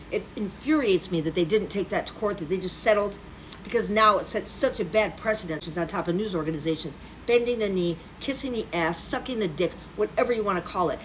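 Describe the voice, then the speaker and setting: A woman delivering a profane, sarcastic political rant straight to the camera. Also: medium pitch. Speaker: political commentator. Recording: slightly dull lo-fi recording with faint background hum.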